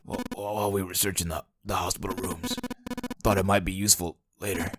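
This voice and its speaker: A sedated man murmurs low and quiet, his words slurring and trailing off, as a woman voices him in a game read-aloud. The voice sits very deep, with a faint hiss behind it. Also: level tone, brisk. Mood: drowsy. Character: weak, drowsy sedated man.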